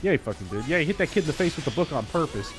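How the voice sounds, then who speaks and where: A somewhat high-voiced man rants to his viewers mid-game, blunt and swearing freely. He talks in an animated, unfiltered way, with soft music under him. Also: rapid-fire. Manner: blunt, heavily profane, animated. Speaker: teacher streaming a game. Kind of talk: casual ranting to chat while gaming.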